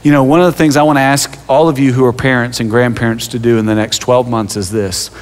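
A man's voice: mid-range voice, steady tone, fast. Reverberant male pastor telling stories. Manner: storytelling, self-deprecating humor, frequent stammered restarts. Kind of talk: sermon with personal stories. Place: church sanctuary. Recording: long reverb of a large hall.

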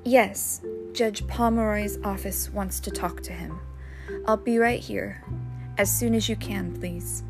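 A woman voicing an earnest young man who speaks soothingly and urges calm, with music behind. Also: mid-range voice, takes it slowly.

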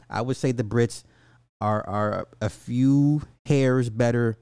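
Blunt, profane man with a low, mellow voice. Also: no echo, clean studio sound. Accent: African American Vernacular English. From United States. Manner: blunt, profane, stammering restarts; reads news quotes aloud and reacts to chat. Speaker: commentary host. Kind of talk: casual opinion commentary.

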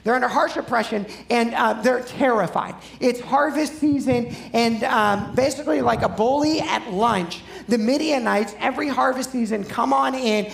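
With a very high, gravelly voice, this man preaches as pastor, keeping his tone conversational and asking his listeners questions. The recording has a reverberant quality.

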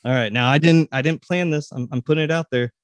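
A man's voice: on the high side, fast talker, no room sound. A man hosting a podcast interview, chatty and folksy, with frequent restarts. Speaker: podcast host.

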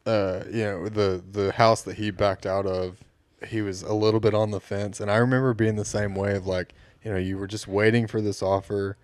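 A man's voice: fairly low pitch, little pitch movement, normal speed, no room sound. A man chatting casually in a group, rambling and full of fillers.

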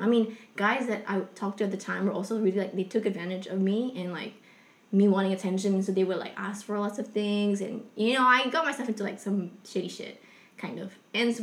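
A young woman telling a personal story in a casual, rambling way, full of fillers, with a soft confessional tone. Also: mid-range voice, echoey room.

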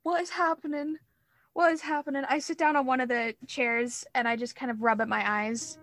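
A woman's voice: sits high, fairly even intonation, moderate pace, fairly bright tone. A woman player in a tabletop role-play who talks in a flustered, stammering, pleading way.

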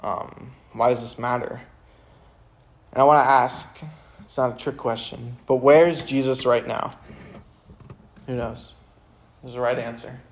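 A young man speaking to a room of high school students. His delivery is casual and earnest, with lots of "um" and "like". He stays quiet and reflective for long stretches, then turns loud and animated when he wants to drive a point home. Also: unhurried, pauses often. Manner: casual, earnest, lots of fillers, bursts of energy. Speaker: youth speaker.

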